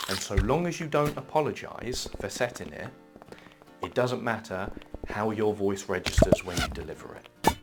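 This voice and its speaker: A man calmly teaching how to state a boundary, reading example sentences aloud in an instructional video. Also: lowish voice. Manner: calm, measured, reads example sentences aloud. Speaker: self-help teacher. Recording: loud background music.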